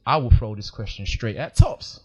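Man, mid-pitch, playful podcast host introducing guests. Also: expressive, normal speed, a little mellow, breathy edge, dull audio. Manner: playful, upbeat. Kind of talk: casual podcast hosting.

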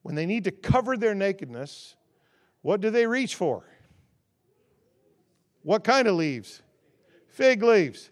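Man, guest preacher, sermon, high-pitched, rhythmic contrasts, swells and drops, conversational humor. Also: sing-song, unhurried, long pauses. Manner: rhythmic call-and-response contrasts, rising to loud emphasis then dropping low.

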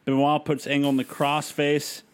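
A man's voice: fairly high pitch, moderate pace, smooth. A man co-hosting a casual podcast, recapping match action step by step with frequent "uh" and "um". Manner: steady play-by-play recap with fillers. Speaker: podcast host recapping wrestling. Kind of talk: casual chat.

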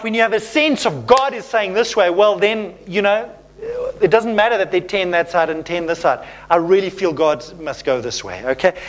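A man preaching a sermon as pastor, reading scripture and acting out playful little voices. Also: high voice.

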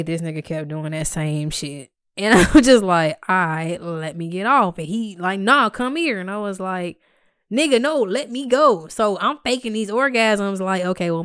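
A woman's voice: medium pitch, clean tone, no echo. A woman telling a personal story to her viewers in a candid, blunt and profane way, with dry, exasperated humor, acting out what she said at the time. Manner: blunt and profane, acts out her own quoted lines.

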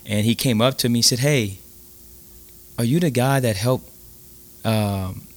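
Casting note: male podcast guest, mid-pitch, animated storyteller who stumbles and restarts. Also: measured pace. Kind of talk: casual storytelling.

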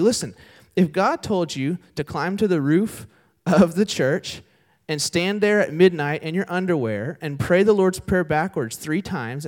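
Young male pastor, sermon, lively pitch, animated storyteller. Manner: animated storytelling with voiced characters. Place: church sanctuary.

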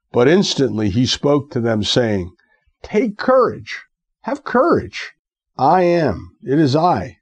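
A man's voice: mid-range voice, darkish tone, muffled recording. A man preaching a fervent radio sermon, with repeated, emphatic phrases.

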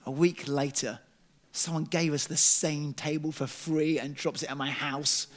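A man's voice: fairly high pitch, flat delivery, unhurried. A young man preaching a sermon in earnest, telling self-deprecating stories with animation.

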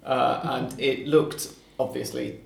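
A man's voice: mid-range voice, flat delivery, takes it slowly, creaky, reverberant. A man hosting a casual football podcast, chatty and explaining details for listeners. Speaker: podcast host.

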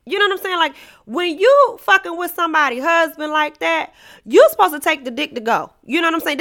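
A woman hosting a podcast, ranting about a TV show in a profane, dramatic way, swinging from shouting to low asides. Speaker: podcast host reviewing a TV show. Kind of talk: animated comedic rant.

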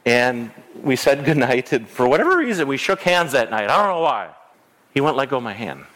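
A man's voice: mid-range voice, sing-song, fairly quick, fairly bright tone. A middle-aged man preaching a sermon as a pastor, earnest, repeating phrases and restarting words as he goes. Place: church sanctuary. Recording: long church reverb.

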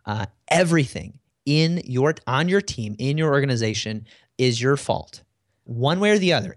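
A man's voice: mid-range voice, expressive, moderate pace, no room sound, studio quality. A man in a casual interview, telling work stories in a conversational way with frequent fillers. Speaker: guest.

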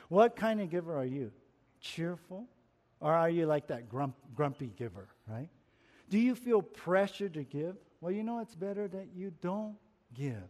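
A man preaching a sermon, animated, laughing at his own jokes and slowing down to stress key words. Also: on the high side. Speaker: pastor. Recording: long reverb of a large hall.

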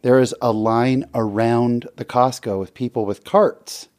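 A middle-aged man hosting a talk show, telling stories in a lively, joking way and laughing often. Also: mid-range voice, unhurried. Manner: animated storyteller, laughs often. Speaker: radio show host. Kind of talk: casual talk-show chat.

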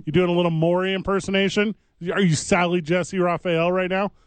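A man co-hosting a sports radio show, bantering casually with sarcastic, quick rants. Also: high voice, little pitch movement, smooth, no room sound, low-quality recording.

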